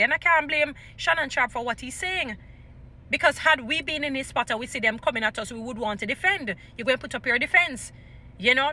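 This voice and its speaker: A woman's voice: high voice, pushed and bright. A Jamaican woman giving impassioned opinion commentary in a vlog, slipping into patois and often restarting her sentences. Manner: impassioned, mixes patois into English, many restarts. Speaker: vlogger.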